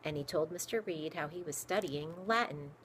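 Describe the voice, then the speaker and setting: A woman narrating a children's chapter book in steady, clear storytelling. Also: sits low, normal speed, slight background noise. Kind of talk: audiobook reading for children.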